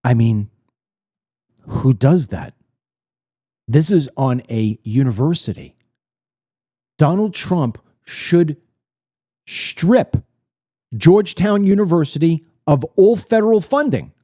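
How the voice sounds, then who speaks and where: A man's voice: fairly high pitch, lively intonation, takes it slowly, pauses often, warm tone, no room sound, studio quality. A middle-aged man from the United States hosting his own political commentary show, delivering a blunt, indignant monologue to camera and repeating words when he gets worked up.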